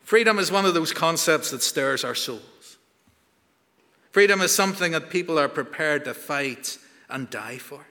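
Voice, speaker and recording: A man's voice: on the high side, lively intonation, moderate pace, bright, forceful tone, big-room sound. A man preaching a sermon, earnest and building to emphatic peaks.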